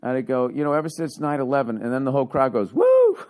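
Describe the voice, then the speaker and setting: A man and stand-up comedian telling a story in casual chat, profane and animated. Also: medium pitch, racing. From United States.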